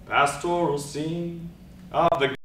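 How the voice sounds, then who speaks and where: A man giving a dramatic oral interpretation of poetry, slow and theatrical, dropping to hushed lines and rising to loud cries. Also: on the high side, fairly even intonation, a little hiss or hum. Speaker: speech and debate competitor. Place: large event hall. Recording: echoey hall recorded from far off.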